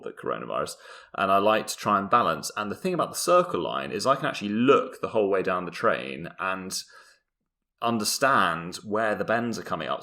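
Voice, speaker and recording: Young man from Britain, low pitch, bright tone, casual comedic podcast chat, rambling and self-mocking. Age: young adult. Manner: rambling, self-mocking, with frequent ums and laughs. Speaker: podcast co-host.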